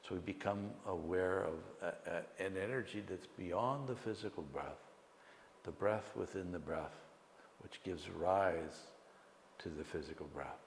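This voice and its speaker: A very deep-voiced man leads a guided meditation lecture, slow and calm, pausing between phrases. His voice rings through an echoey hall with a long reverb tail. Faint room ambience sits underneath. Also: slight background noise. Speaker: meditation teacher.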